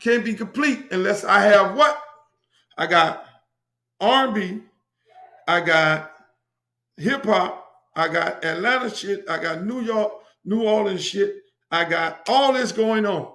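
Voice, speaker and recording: Slow and given to long pauses, this middle-aged Miami host tells stories on his show in a casual monologue, brash, profane, and repetitive. His high-sitting voice is bright and forceful, and the room echoes.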